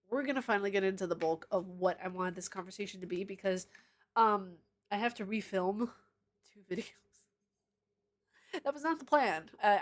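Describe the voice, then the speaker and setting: A woman streaming live, chatting casually and answering viewer comments, rambling into tangents and laughing often. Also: medium pitch.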